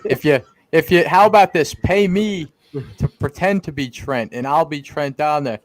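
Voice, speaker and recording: A man co-hosting a wrestling podcast, animated and teasing, quick with playful insults. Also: fairly high pitch, no room sound. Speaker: podcast co-host. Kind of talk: casual wrestling podcast chat.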